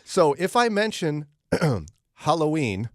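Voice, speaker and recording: A male morning radio host with a lively, swooping delivery that jumps up whenever he mimics an outraged caller. He sits close to a studio microphone, and the sound is dry and clean. His talk is loose and chatty. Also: on the high side, takes it slowly, no echo. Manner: animated, mimics angry listeners in raised voices. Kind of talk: casual radio chat.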